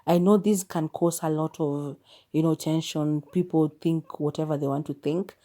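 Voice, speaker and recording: A woman's voice: low-pitched, fairly even intonation, normal speed, mellow. A Kenyan woman hosting a solo podcast, sharing her opinions in a candid, musing way. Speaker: podcast host.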